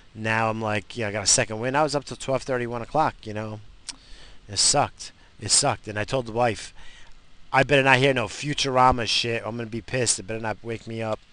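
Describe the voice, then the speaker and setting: A man's voice: mid-range voice, a bit bright. Tired dude ranting on his home podcast, cussing a lot, rambly and grumpy-joking. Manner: profane, rambling, mock-grumpy. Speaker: podcast host. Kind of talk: casual solo podcast rant.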